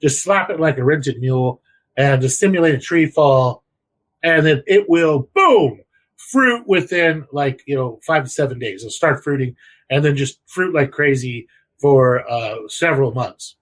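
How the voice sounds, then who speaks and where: A young man co-hosting a podcast in casual chat, rambling and crude, with vivid slang and lively bursts. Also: mid-range voice, normal speed, poor audio. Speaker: podcast co-host.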